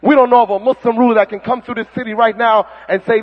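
A man's voice: high voice, quick pace, few pauses. A man preaching a fiery, mocking sermon full of impressions. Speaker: Muslim preacher. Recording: dull recording with long hall reverb.

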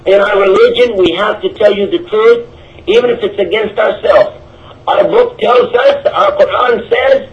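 A man's voice: high-pitched, normal speed. A man preaching about his religion and answering questions. He speaks emphatically and repeats his points. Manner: emphatic, repetitive, animated. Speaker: Islamic preacher. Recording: dull lo-fi audio.

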